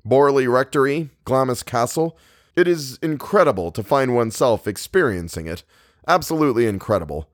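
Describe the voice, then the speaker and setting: A man playing a fussy learned older doctor, measured, savoring words, dry close sound. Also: medium pitch, sing-song, dry recording. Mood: earnest.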